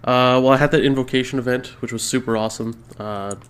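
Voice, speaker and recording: A man co-hosting a podcast, relaxed and explaining things in detail in casual chat. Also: mid-range voice, fast, clear, resonant tone. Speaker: podcast co-host.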